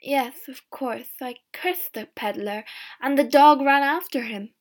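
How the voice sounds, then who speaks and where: A woman voicing a poor, quick-tempered young woman in a storybook, speaking defiantly, her voice rising when she is pressed. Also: high voice.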